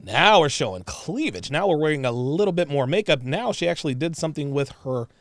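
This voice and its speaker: A man's voice: on the high side, a little fast, dry recording. A man in his forties hosting, giving profane, mocking reaction commentary on video clips and repeating his points. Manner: mocking, animated, repeats himself.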